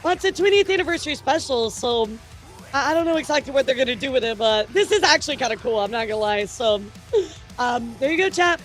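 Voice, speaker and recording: High-voiced excitable woman streamer. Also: fast, soft background music. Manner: rambling, excitable, swears and stammers. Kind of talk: casual live-stream news chat.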